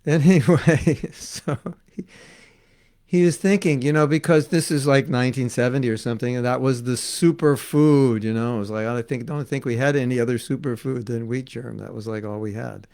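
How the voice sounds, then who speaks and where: Older man, spiritual teacher, gravelly voice, lively storytelling, acted-out quotes, chuckling. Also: mid-range voice, moderate pace. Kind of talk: storytelling religious class.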